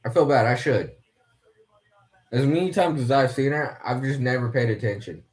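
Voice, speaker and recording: A man's voice: medium pitch, normal speed, a little mellow. A young man from West Virginia rambling casually as a host while watching fights, swearing freely and talking to himself.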